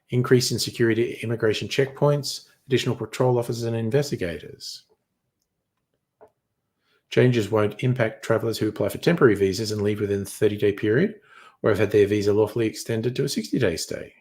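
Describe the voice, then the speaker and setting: A man's voice: on the low side, darkish tone. A young man reading headlines in a casual chat, crude and sardonic, swearing freely. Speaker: streamer.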